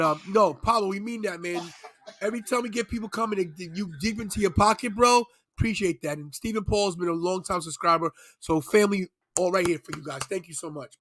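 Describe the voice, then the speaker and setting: A man hosting a live wrestling podcast, loud and playful, bursting into shouts and goofy sing-song bits. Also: high voice, no room sound, studio quality. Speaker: podcast host. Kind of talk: live watch-along chat.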